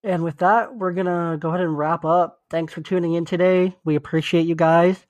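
Sick with the flu, a young man co-hosts a casual podcast chat, speaking in an earnest, encouraging, loose manner. His voice is fairly high and steady in tone, and he talks briskly. The recording is dry.

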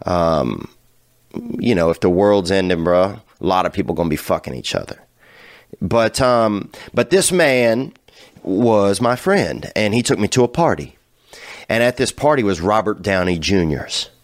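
Rambling, profane man, low voice. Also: no room sound, studio quality. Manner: profane, rambling, swings from low mumbling asides to loud hyped outbursts. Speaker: podcast host. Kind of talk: casual storytelling rant.

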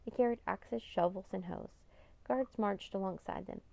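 A woman reads an audiobook in a calm, steady manner, her voice gravelly with a touch of fry. Her tone is mellow and darkish, and the recording sounds dull and lo-fi. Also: mid-range voice, normal speed, no room sound. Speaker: narrator. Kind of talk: audiobook narration.

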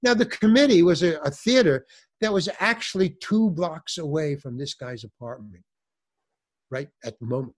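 An older man tells a long anecdote in a relaxed interview, his voice sitting a little high for a man. He jumps in and out of the voices of the people he describes, and keeps stumbling over fillers and restarts as he goes. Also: moderate pace. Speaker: guest actor and comedian. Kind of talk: storytelling in a casual interview.

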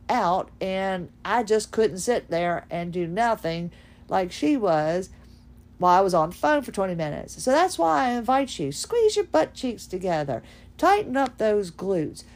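A woman hosting a podcast in a fast-talking, folksy, animated monologue. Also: mid-range voice. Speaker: podcast host. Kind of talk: casual monologue.

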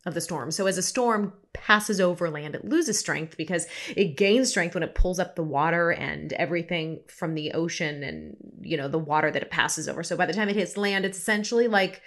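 A woman in her thirties hosts a solo talk podcast and chats casually with her listeners. Her voice sits a little low and carries the smooth, practiced delivery of someone who once read the TV news. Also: a little fast, few pauses, fairly bright tone. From United States. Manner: former TV news presenter, chatty and self-aware. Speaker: podcast host.

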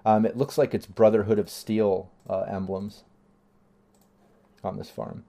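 Male game master, low mellow voice, halting and full of fillers. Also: little pitch movement, creaky. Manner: loose and halting, with many fillers. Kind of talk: narrating a tabletop game.

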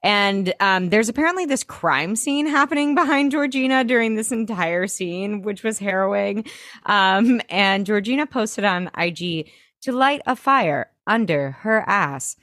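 A woman's voice: medium pitch, a little slow, dry recording, clean studio sound. A woman co-hosting a podcast, chatting casually and playfully about a TV episode, gushing and mimicking characters. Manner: animated, gushing, playful impressions. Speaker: podcast co-host. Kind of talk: casual recap chat. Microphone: video call mic.

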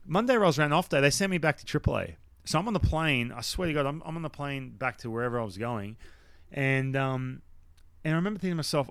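A man from Australia in his thirties, a former baseball pitcher and podcast guest, telling a story with animated energy, acting out his old thoughts in quotes and laughing often. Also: fast talker, clean tone, no room sound.

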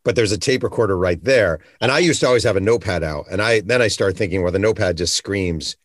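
A man's voice: low voice, quick pace, dry recording, studio quality. A man hosting a podcast interview, talking conversationally and telling examples. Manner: conversational, storytelling. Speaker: podcast host.

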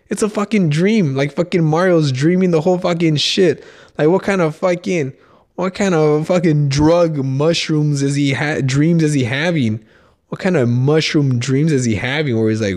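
A young adult man hosting a solo comedy podcast, rambling and swearing, leaping into mocking high notes as he riffs. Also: a little mellow. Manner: profane, rambling, jumps between topics; mocking sing-song jumps up in pitch. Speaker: podcast host.

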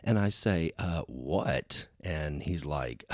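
A man's voice: extremely low pitch, expressive, slow, no room sound, clean studio sound. A man hosting a solo podcast, talking in a rambling, chatty way that is full of "you know". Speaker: podcast host. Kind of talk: casual solo podcast chat.

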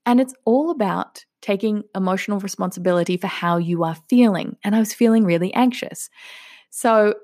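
An Australian woman in her late thirties hosts a casual solo podcast, telling stories in an Australian accent. She's chatty, laughs often, and acts out the voices she quotes. Her voice is mid-range and a little mellow, recorded at studio quality with no echo.

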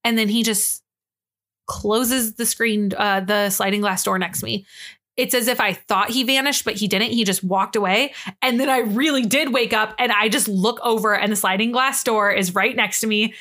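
A young woman co-hosting a podcast, telling a story in an animated, casual way, swearing freely and acting out the quotes. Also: mid-range voice, normal speed. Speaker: podcast co-host.

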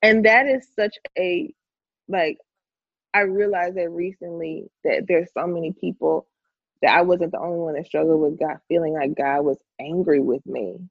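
Casting: woman podcast co-host, animated, dry close sound, a bit muffled. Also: on the low side, moderate pace, breathy edge, dry recording. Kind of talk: casual faith talk.

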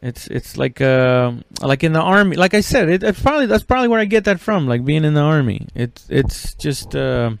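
A man in his thirties hosts a solo podcast, his fairly high voice smooth and clear. He rambles and swears freely, with plenty of "uh"s and false starts. The sound is dry and close, with no room around it. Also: very animated, a little fast, few pauses, dry recording. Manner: rambling, profane, lots of fillers and restarts. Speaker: podcast host. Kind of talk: casual solo podcast chat.

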